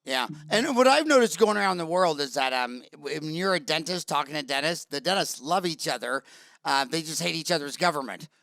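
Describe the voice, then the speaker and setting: A man's voice: on the high side, lively intonation, a little fast, creaky, bright, forceful tone, no echo, studio quality. A man hosting a podcast interview in casual chat, a rambling, jokey storyteller. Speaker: podcast host.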